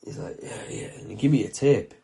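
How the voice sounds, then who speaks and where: A man's voice: mid-range voice, fast talker, creaky, dark tone. A man, a podcast host telling a story casually, with heavy swearing and slang and heartfelt talk.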